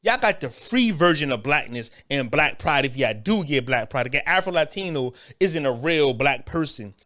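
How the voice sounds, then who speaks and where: A man's voice: a little high, fairly bright tone. A man giving a blunt, profane opinion rant, repeating himself for emphasis.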